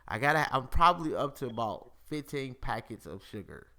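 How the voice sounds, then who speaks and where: A man's voice: mid-range voice, brisk, a crowd in the background. A man hosting a live-streamed podcast, chatting casually with lots of swearing and laughter. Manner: profane, animated, laughs often. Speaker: podcast host.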